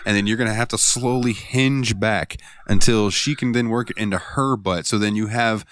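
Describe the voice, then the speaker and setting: A man's voice: fairly low pitch, fairly even intonation, normal speed, a bit bright, dry recording. A man in his thirties co-hosting a podcast, talking crude, profane, jokey banter full of slang. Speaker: podcast co-host.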